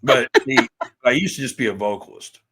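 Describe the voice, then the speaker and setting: A man with a mid-range, bright, forceful voice talks briskly as a musician guest on a casual podcast. He rambles, swears and mocks himself along the way.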